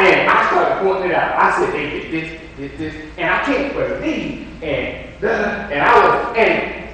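A man's voice: a little high, distant mic, a little hiss or hum. Folksy preacher man in an echoey hall. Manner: folksy, storytelling, lively. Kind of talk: informal sermon.

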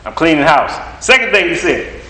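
A man's voice: a little high, very animated, moderate pace, sharp tone. A man preaching a sermon, driving his points home with repeated phrases and rhetorical questions. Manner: emphatic, repetitive preaching cadence with rhetorical questions. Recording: echoey room.

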